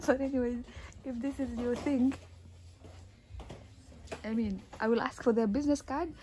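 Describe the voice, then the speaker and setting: This woman's voice runs on the high side, with a steady tone and normal speed, as she strolls an outdoor street market showing shops. She talks casually to her handheld phone camera, filling her speech with "like," while street ambience and traffic make the vlog audio loud.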